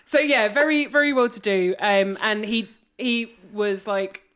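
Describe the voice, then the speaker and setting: A woman's voice: mid-range voice, a little slow, heavy background noise. A woman in her thirties, co-hosting a podcast in a casual chat and telling stories between easy laughs. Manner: chatty storyteller, laughs easily. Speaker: podcast co-host.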